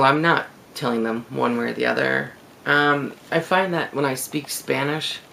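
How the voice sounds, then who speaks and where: A man with a gravelly voice, talking candidly in a casual reflective video blog and laughing easily. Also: mid-range voice, fairly bright tone, slight background noise, low-quality recording. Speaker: video blogger.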